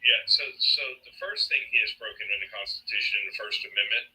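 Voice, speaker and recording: A man's voice: lowish voice, steady tone, bright, forceful tone, rough recording. A man co-hosting a live political debate stream, lecturing and firing off pointed questions. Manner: lecturing, rapid-fire questions. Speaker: debate co-host.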